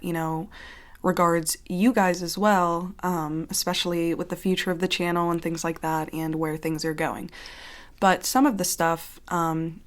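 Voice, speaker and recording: Low-voiced woman chatting candidly. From Johnstown, Pennsylvania, US. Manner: rambling and candid, many fillers like "um" and "like". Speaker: ASMR channel host. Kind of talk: casual chat update vlog.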